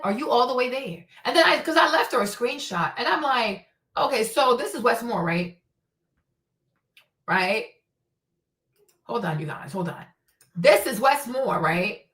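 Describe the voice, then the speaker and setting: A woman's voice: on the high side, fairly bright tone, recorded from a distance. A woman streaming live, commenting in a blunt, indignant, profane way and firing off rhetorical questions. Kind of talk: livestream commentary. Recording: echoey room.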